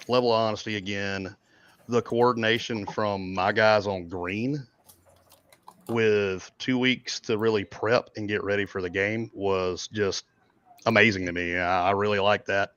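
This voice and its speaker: A man's voice: lowish voice, steady tone, a little slow, pauses often, a bit bright, smooth, no room sound. A man in his forties chatting casually on a livestream, rambling and chuckling as he talks. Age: 40s. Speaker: event organizer. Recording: dull dry lo-fi mic.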